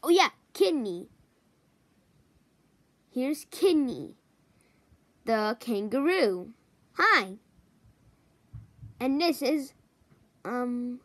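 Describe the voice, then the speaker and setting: A woman introducing a row of toys one by one, hesitant and pausing often to search for their names. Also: fairly high pitch, lively intonation, no room sound. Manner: hesitant, many pauses and ums. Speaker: toy show presenter.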